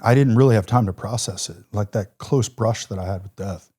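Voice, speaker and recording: A man's voice: mid-range voice, brisk, a little mellow, slightly rough. A man in his forties, a military veteran telling war stories as a podcast guest, vivid and reflective, with casual fillers. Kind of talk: podcast interview storytelling.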